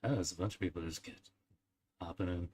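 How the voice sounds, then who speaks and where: Talking fast in a low, husky, darkish voice that stays steady in tone, a young streamer chats casually with his live chat. He rambles, with frequent fillers, small laughs and little verbal-tic noises.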